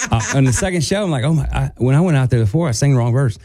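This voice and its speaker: A man co-hosting a radio show, telling a story in a casual, animated way and jumping into a higher voice to act out quotes. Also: quick pace, faint music behind. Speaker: guest co-host, country singer.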